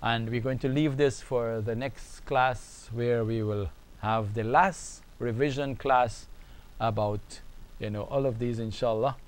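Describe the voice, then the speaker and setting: Guy teaching beginner arabic, goes slow, says each phrase over and over. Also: medium pitch, steady tone, poor audio. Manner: slow, repetitive, drills phrases aloud. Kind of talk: online language lesson.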